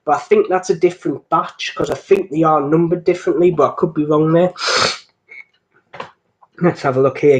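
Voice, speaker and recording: A man with a fairly high voice and a slightly stuffy nose hosts a casual live stream. He rambles along in a chatty way, often stopping to correct himself. He jokes easily with his viewers. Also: steady tone, a little fast, a little mellow, poor audio.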